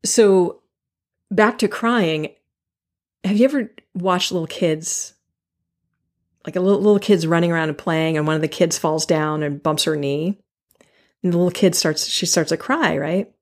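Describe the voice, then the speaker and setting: A woman's voice: lowish voice, moderate pace, pauses often. A woman hosting a solo podcast, talking earnestly and animatedly, repeating key phrases for emphasis and restarting her sentences. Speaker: podcast host.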